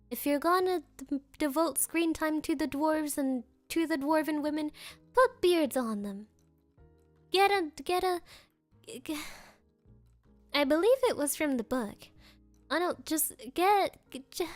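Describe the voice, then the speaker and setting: A woman's voice: sits high, no echo. A woman streamer in casual chat, rambling through sarcastic rants and laughing often.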